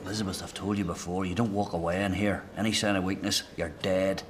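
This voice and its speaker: Guy playing a prisoner, real low voice, guarded and sarcastic. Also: little pitch movement, quick pace, close to an everyday voice. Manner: guarded, sardonic, sighing. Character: man in prison, gruff and defensive.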